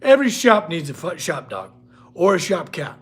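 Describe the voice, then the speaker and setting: A man's voice: a little high, big pitch swings, moderate pace, fairly bright tone, slightly rough. A man hosting a casual livestream from his workshop, chatting with viewers and talking to his dog. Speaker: blacksmith livestream host.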